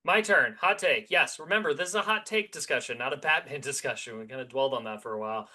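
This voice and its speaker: Man, podcast co-host, bright tone, animated, rambling, restarts a lot. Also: mid-range voice, fast talker. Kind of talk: casual opinion chat.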